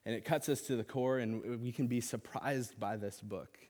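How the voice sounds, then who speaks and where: A man's voice: medium pitch, moderate pace, darkish tone. A man delivering a sermon from the pulpit, speaking in an earnest, conversational way with casual fillers. His mid-range voice rings out with a long reverb that trails off through a large church hall. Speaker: pastor.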